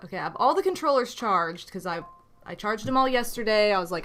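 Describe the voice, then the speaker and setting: A woman's voice: mid-range voice, expressive, fairly quick, a bit bright. A woman in her thirties streaming a retro game, chatting casually, gushing and reading game text aloud. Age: 30s. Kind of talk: casual gameplay commentary.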